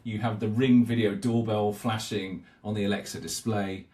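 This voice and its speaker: A British man co-hosting a podcast, relaxed and rambling as he retells an advert. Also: fairly low pitch, normal speed. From Britain. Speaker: podcast co-host. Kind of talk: casual marketing discussion.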